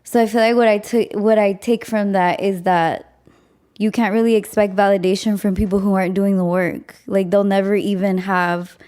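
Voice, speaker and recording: A woman's voice: medium pitch, steady tone, moderate pace, dark tone. A woman hosting a podcast, talking in a reflective, affirming way. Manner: reflective, affirming with "mm" and "you know". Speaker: podcast host. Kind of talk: casual interview chat.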